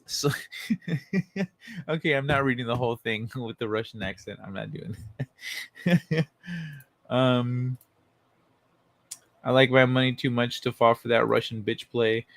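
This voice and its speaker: A man's voice: medium pitch, fairly even intonation, normal speed, vocal fry, pauses often, a bit bright, dry recording. A man hosting a casual livestream, reading news articles aloud and joking sarcastically with chat, often swearing and laughing. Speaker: livestream host.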